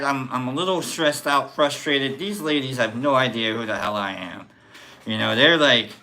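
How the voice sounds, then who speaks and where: A man's voice: mid-range voice, measured pace, soft background music. A man hosting a casual podcast, telling a story with energy and acting out the voices of the people in it. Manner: animated, acts out quoted voices. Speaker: podcast host.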